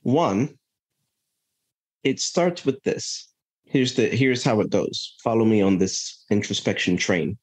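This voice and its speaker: A man's voice: on the low side, expressive, slow pace, a little mellow, slightly rough. A man as a podcast guest, telling a personal story in an earnest, reflective way, often checking in with "right?" and restarting his sentences. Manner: earnest, thinks aloud with frequent "right?" and restarts.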